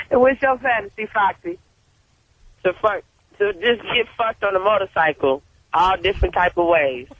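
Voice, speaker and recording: A woman's voice: medium pitch, a little slow, pauses often, muffled recording, slight background noise. A woman calling in to a radio talk show, bold and giggly. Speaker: caller.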